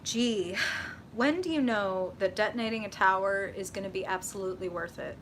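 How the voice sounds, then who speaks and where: A young woman hosting a live tarot reading, chatting with viewers in an animated, casual way, swearing freely and saying "like" often. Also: mid-range voice, moderate pace, slight background noise.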